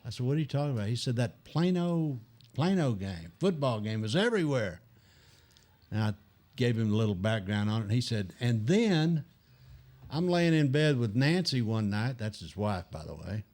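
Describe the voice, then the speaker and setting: An older man telling animated anecdotes as a guest in a casual chat, acting out other people's lines. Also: medium pitch, moderate pace.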